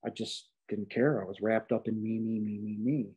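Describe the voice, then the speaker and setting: A man's voice: fairly low pitch, fairly even intonation, moderate pace, dark tone, breathy edge, low-quality recording. Earnest man telling his faith story. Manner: heartfelt, emphatic, with frequent fillers and restarts. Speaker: guest sharing a near-death experience. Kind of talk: earnest testimony in a podcast interview.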